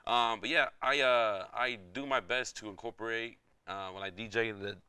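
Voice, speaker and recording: A young man from New York, a DJ guest in a casual interview, loud and laid-back, often saying "you know what I'm saying.". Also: lowish voice, fairly even intonation, normal speed, clear, resonant tone, no room sound.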